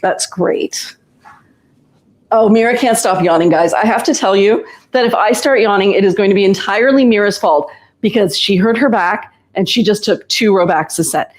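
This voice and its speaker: A woman's voice: medium pitch, brisk. Chatty woman hosting a live sale stream. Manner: chatty, reassuring, explains step by step. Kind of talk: casual live-stream product talk.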